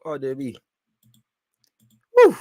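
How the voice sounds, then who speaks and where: A young man with a London accent, chatting casually on a football watch-along stream in heavy slang, swinging between loud hype and low mutters. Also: huge pitch swings, slow pace. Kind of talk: casual live-stream chat.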